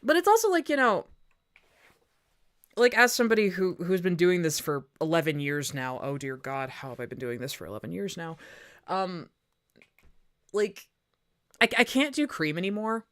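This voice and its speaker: A woman's voice: on the low side, lively intonation, normal speed, pauses often. Woman streamer rambling on while she draws, voice swoops all over the place. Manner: chatty, rambling storyteller. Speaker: streamer and voice actor. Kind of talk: casual chat while drawing on stream.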